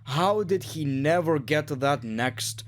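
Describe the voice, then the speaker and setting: Man, reaction video host, casual joking commentary, lively pitch, slightly high voice. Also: slow. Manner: animated, jokey, acts out quotes.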